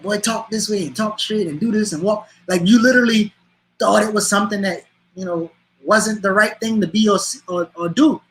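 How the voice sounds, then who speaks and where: A man from Charleston with a Charleston Lowcountry accent, speaking as an interview guest in a passionate, emphatic way with rhetorical questions. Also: a bit bright, low-quality recording. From Charleston, South Carolina. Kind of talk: interview conversation.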